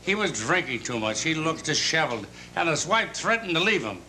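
Older New comic, deadpan punchlines. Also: male voice, a little high, a little fast, slight background noise. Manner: punchy deadpan joke delivery. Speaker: stand-up comedian. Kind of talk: rapid one-liner stand-up. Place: television studio stage. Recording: 1970s TV audio with loud music. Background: studio audience laughter and a violin.

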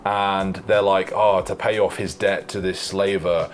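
A man co-hosting a film podcast, talking in a loose, rambling way with some swearing and quick agreements. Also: low voice, little pitch movement. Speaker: podcast co-host reviewing films. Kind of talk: casual chat.

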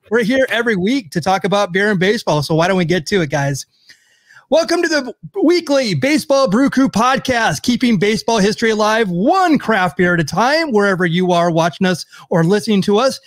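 A man's voice: high voice, a little fast, no room sound, studio quality. A man hosting a podcast in a casual way, introducing co-hosts and stumbling over his words now and then. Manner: relaxed, many fillers and restarts introducing co-hosts. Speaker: podcast host. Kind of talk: casual chat.

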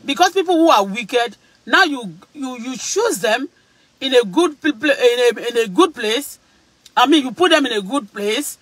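High, bright-voiced Nigerian man preaching. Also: animated, moderate pace, no room sound, poor audio. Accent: Nigerian Yoruba. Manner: emphatic, repetitive, switching between English and Yoruba. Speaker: vlogger. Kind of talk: preachy casual monologue.

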